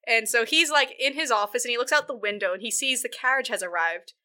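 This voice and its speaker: Bright-voiced chatty woman. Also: on the high side, fast talker. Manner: animated, chatty, lots of filler words. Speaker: podcast co-host. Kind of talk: casual film recap.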